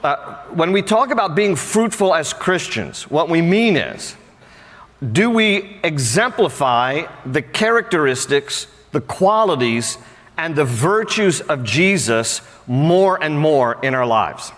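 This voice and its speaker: A male pastor preaching a sermon in a conversational, humorous way, with animated asides. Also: on the high side, takes it slowly. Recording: long hall reverb.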